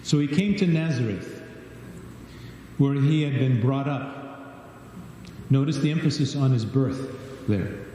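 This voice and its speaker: A man with a mellow, dark tone teaches a Bible study, reading scripture aloud and asking questions of the group. The sound comes from a livestream in a large church hall, with a long, echoing reverb and faint room noise behind him. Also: mid-range voice, slow pace, long pauses. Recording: distant echoey church livestream.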